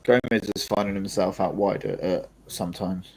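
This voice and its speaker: A man's voice: sits low, normal speed, a little mellow, slight background noise. A young man, co-hosting a live football watchalong and chatting casually, often laughing. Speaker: podcast co-host. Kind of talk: live match watchalong commentary.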